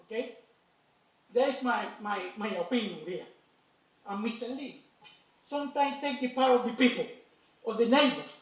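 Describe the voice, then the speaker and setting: High-voiced Cuban man, passionate public comment. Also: normal speed, pauses often. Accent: Cuban Spanish. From Cuba. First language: Spanish. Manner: broken English, impassioned, repetitive. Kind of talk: public comment at a city meeting. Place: city commission meeting hall. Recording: echoey council chamber, distant mic.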